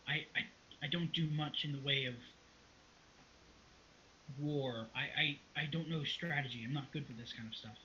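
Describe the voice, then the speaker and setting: Flustered clerk for a tabletop game, stumbling and unsure, bright voice on a dull lo-fi track, put on by a man. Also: mid-range voice, normal speed, pauses often, slight background noise, natural voice. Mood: anxious. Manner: stammering, hesitant. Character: nervous stammering male court clerk. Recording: dull lo-fi recording.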